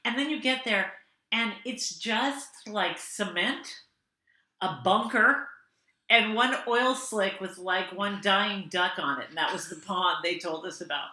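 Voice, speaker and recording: A woman guest comedian telling a story in casual chat, animated and often laughing. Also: mid-range voice, measured pace, echoey room.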